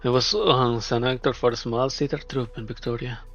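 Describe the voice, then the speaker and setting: A man voicing a stern, reserved young actor who answers tersely and quietly. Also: mid-range voice, steady tone, normal speed, natural voice. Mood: guarded. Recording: dull lo-fi, faint music.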